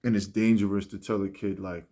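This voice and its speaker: A man speaking in a rambling, reflective monologue, often restarting and trailing off softly. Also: on the low side, little pitch movement, a little fast. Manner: rambling, many fillers and restarts; soft-spoken, trailing off. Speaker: musician speaking about his mindset.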